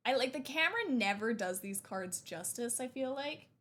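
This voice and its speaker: A young woman streamer chatting excitedly while unboxing, gushing and talkative. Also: a little high, normal speed.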